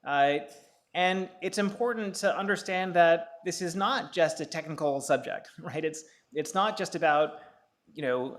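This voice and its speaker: A man in his fifties from the Bahamas giving a public law lecture, telling personal stories in a conversational way with frequent filler sounds and light chuckles. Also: on the high side. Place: lecture hall.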